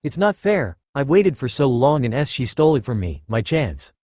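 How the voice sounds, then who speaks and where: A man's voice: medium pitch, sing-song, moderate pace, a little mellow, dry recording, studio quality. A man reading fan fiction aloud, voicing a frightened young girl who pleads and cries. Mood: anguished. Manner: raised, tearful pleading.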